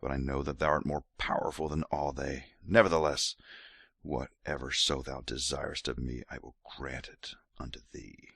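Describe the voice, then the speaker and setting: Guy doing a breathy seductive king voice, real low and hushed. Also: level tone, moderate pace, dry recording, clean studio sound, full character voice. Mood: sultry.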